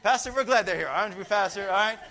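A middle-aged man preaching a sermon, telling stories with lively energy and now and then shouting out a phrase. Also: high voice, fast, slight background noise. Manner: animated storytelling, shouting out phrases.

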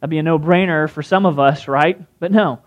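A man with a fairly high voice delivers a sermon in a relaxed, conversational way. He often turns to his listeners with quick questions. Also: muffled recording. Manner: conversational, asks the crowd questions. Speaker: pastor.

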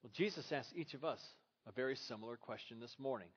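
A man's voice: medium pitch, fast, slightly rough, muffled recording. Earnest man preaching a sermon. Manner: earnest, rhetorical questions. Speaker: pastor.

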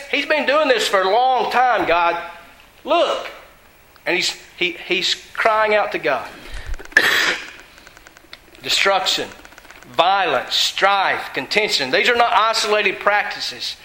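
A man preaching with a high, bright voice that carries. He talks to his listeners earnestly and conversationally and keeps asking them questions. The sound rings around a roomy, echoing space. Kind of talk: sermon.

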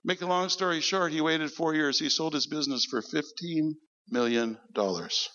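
Man pastor, sermon storytelling, gravelly tone, muffled lo-fi church recording. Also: normal speed, in a large hall. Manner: animated storyteller, quotes people in a lowered voice. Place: church service.

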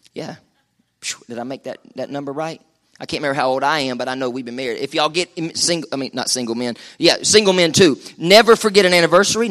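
Male pastor, middle-aged, fairly high, bright and forceful delivery, joking call-and-response sermon in church. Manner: joking, chatty, calls for crowd response. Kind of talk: lively live sermon. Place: church service with live congregation.

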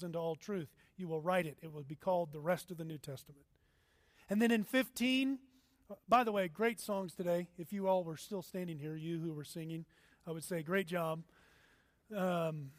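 A man preaching a sermon as pastor, acting out the disciples' words and moving between loud and quiet delivery. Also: high-pitched, no room sound. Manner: animated, acts out quotes with shifting loudness.

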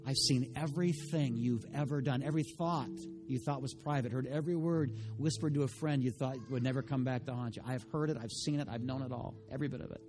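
A pastor preaching a sermon, retelling a story in voices and building to loud, passionate preaching. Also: male voice, medium pitch, steady tone, fast, hardly any pauses, over music.

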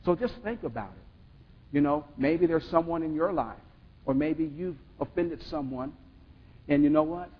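A man's voice: on the high side, normal speed, slightly rough. A man preaching a sermon in a call-and-response way, building to emphatic bursts. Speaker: pastor. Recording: dull sound with long hall reverb.

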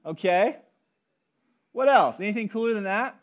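A man's voice: high-pitched, animated, moderate pace, narrow, tinny audio. A man preaching a sermon, telling stories and speaking directly to the congregation and its children. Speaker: pastor. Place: church service.

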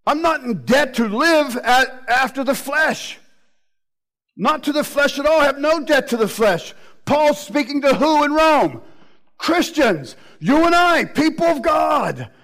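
A man preaching a sermon with animated delivery, acting out the voices he quotes. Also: extremely high pitch, measured pace, low-quality recording.

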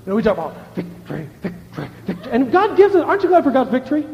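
A man preaching a sermon as a pastor, animated, moving between shouts and hushed asides and laughing often. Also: extremely high pitch, racing, gravelly, long reverb tail, muffled recording.

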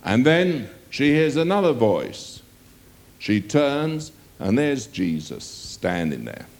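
A man preaching a sermon, reading scripture aloud and putting drawn-out rhetorical questions to his listeners. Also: medium pitch, sing-song, a little mellow.

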